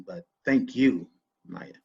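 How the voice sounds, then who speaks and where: Male podcast guest, husky voice, thoughtful and halting, muffled lo-fi audio. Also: low-pitched, animated. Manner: halting, repeats words, reflective. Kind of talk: casual conversation.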